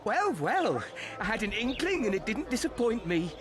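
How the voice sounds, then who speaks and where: A sneering bounty hunter from a video game, mocking his target in a high, singsong voice that swoops up and down. He draws out his threats, smug and sure of himself. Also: very animated, crowd noise. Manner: mocking, menacing, drawn-out delivery.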